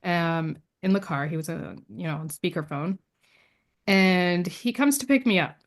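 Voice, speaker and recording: A woman's voice: on the low side, moderate pace. Chatty woman telling a personal story. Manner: lively storyteller who acts out quoted dialogue; frequent fillers and restarts, laughs between lines. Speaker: podcast guest. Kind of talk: casual interview storytelling.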